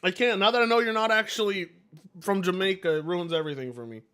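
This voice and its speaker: A man's voice: high voice, quick pace, sharp tone, smooth. A man hosting a live game stream, chatting casually with viewers in a rambling way, swearing and laughing easily. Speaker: livestream host.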